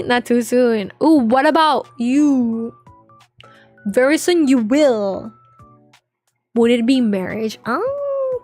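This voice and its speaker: Young woman streamer rambling w/ chat, kinda high voice, lots of "like" and "bro", soft music behind. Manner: chatty, rambling, heavy filler words and slang. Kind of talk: casual livestream chat with viewers.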